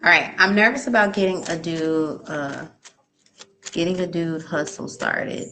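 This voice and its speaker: Slow-talking woman tarot reader. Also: fairly low pitch, bright, forceful tone, slight background noise. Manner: chatty, hums and sings to herself while waiting; reads viewers' questions aloud. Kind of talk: live-stream tarot reading, casual chat.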